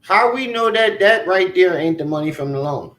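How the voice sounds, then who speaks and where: A man's voice: high-pitched, animated, normal speed, fairly bright tone, echoey room. A man hosting a reaction commentary, mocking and talking back at the clips he plays. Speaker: commentary host.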